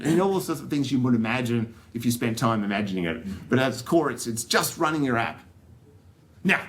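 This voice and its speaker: An Australian man giving a technical talk to an audience, joking and rambling with plenty of fillers and restarts. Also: mid-range voice. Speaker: conference speaker. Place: conference room.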